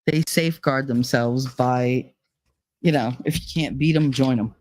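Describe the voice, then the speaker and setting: A woman's voice: very deep voice, a little slow, darkish tone, dry recording. A woman hosting a casual chat show, talking bluntly with frequent swearing and laughter. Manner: blunt and profane, laughs often. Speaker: host.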